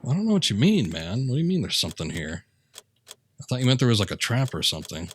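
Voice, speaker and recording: A man's voice: medium pitch, big pitch swings, fast, a little hiss or hum. A man streaming a video game, giving laid-back, jokey commentary and laughing often. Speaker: gaming streamer. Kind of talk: casual let's-play commentary. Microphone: headphones and desk mic.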